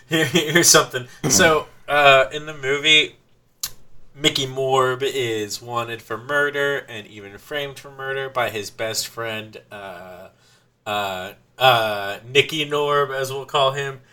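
A man's voice: mid-range voice, slow pace, sharp tone. A man co-hosting a casual movie review podcast, sharing trivia with frequent "uh" fillers. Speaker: podcast co-host.

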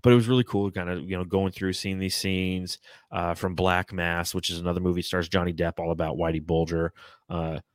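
A man's voice: low voice, flat delivery, brisk, no room sound, clean studio sound. A man co-hosting a podcast, telling rambling, profane stories in casual chat over a remote call. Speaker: podcast co-host.

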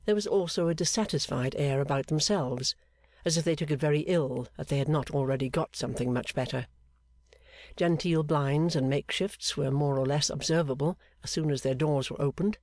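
A man reading a classic novel aloud in a measured, expressive way. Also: a little high, no echo. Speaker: audiobook narrator. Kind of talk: scripted narration of a classic novel.

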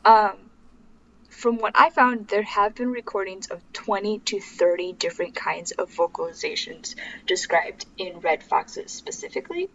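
Fairly bright in tone, this woman's medium-pitched voice moves at a moderate pace as she co-hosts a podcast. She shares facts in casual, filler-laden chat, captured on a slightly dull lo-fi recording with faint hiss.

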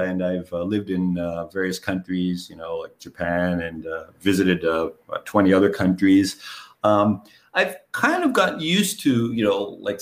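A middle-aged man from New York, a guest and English teacher, talking casually in an interview with lots of fillers like "okay" and "you know". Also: low voice. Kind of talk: conversational interview.

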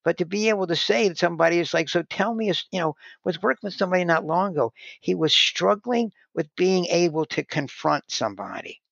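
A man's voice: high-pitched, animated, fairly quick, vocal fry, few pauses, a bit bright, dry recording. A man guest telling stories in casual conversation, often restarting his sentences. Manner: rambling, restarts sentences, heavy "you know" filler. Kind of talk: conversational storytelling. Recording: dull lo-fi dry sound.

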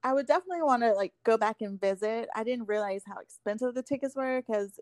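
A woman's voice: on the high side, fast talker, dry recording. Bubbly young woman telling stories. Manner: animated storyteller acting out quotes, giggly. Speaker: podcast guest, former pro cheerleader. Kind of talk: casual chat.

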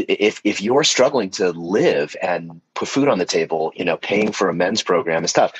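A man speaking on a panel in a candid, halting way, often repeating words as he thinks. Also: sits low, breathy edge, no echo, rough recording. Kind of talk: casual panel discussion.

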